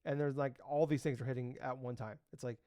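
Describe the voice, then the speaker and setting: A man in his thirties co-hosts a casual gaming podcast, rambling along with lots of fillers and the odd swear word. His medium-pitched voice is steady, brisk and warm. The recording is dry and studio quality.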